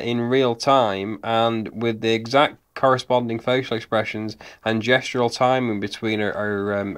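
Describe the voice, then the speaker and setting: A man giving analytical commentary over video clips, explaining steadily with frequent ums. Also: medium pitch. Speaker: body language analyst.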